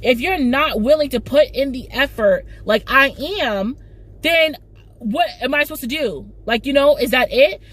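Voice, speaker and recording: A woman's voice: normal speed, fairly bright tone. A woman acting out a hurt young woman pleading. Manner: pleading, raised pitch.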